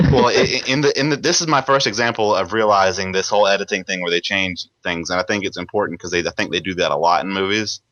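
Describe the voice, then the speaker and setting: A young man co-hosting a podcast, telling quick anecdotes about films with stammers and restarts. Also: low voice, fairly bright tone, no echo, poor audio. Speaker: podcast co-host. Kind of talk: casual film discussion.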